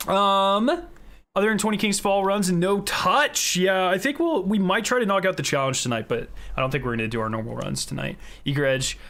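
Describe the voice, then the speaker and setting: A man's voice: high-pitched, steady tone, a little fast, fairly bright tone. A man live-streaming a video game, chatting casually with viewers, greeting them by name and swearing freely in a hyped way. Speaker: gaming streamer.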